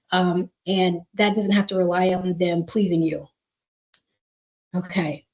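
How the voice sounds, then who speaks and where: A woman presenting a school webinar for parents, reading out their questions and giving coaching advice with many fillers. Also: mid-range voice. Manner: reads parent questions aloud, then coaches warmly with filler words. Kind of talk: live webinar Q&A. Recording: dull lo-fi webinar audio.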